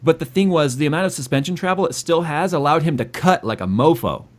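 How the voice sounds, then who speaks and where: A man co-hosts a casual tech livestream, reading viewer donations aloud. His pitch moves in a lively, animated way, and he sounds exasperated and stressed while still joking around. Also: fast talker.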